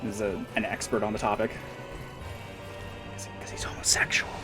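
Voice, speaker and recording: A man's voice: fairly low pitch, flat delivery, normal speed, music in the background. A man livestreaming and reading chat, rambling casually with wry, profane humor and lots of fillers.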